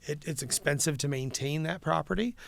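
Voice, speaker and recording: Gravelly-voiced man in earnest chat. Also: a little high, brisk. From not from the local city. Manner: earnest, enthusiastic, rambling with restarts. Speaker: guest, preservation nonprofit president. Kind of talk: casual interview chat.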